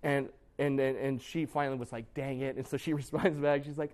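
A man's voice: mid-range voice, steady tone, brisk, a little mellow. A young man preaching a sermon as youth pastor, casual and joking, with lots of fillers and restarts.

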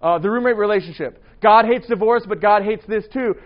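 Brief: male preacher, 30s, slightly high voice, loud and animated, casual sermon on a muffled lo-fi recording. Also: fairly quick. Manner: loud, animated, joking asides. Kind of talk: casual sermon to young adults. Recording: dull lo-fi recording.

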